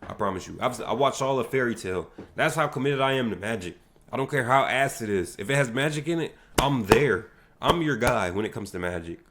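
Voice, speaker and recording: A man's voice: mid-range voice, expressive, brisk, background noise. A young American man hosting a solo livestream podcast, talking casually in slangy, hyped, rambling bursts. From United States.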